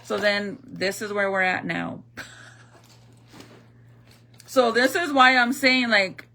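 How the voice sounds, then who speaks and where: A woman's voice: fairly high pitch, bright, forceful tone, slight background noise. A young woman telling a story in a heated, profane, slangy rant, as a vlogger.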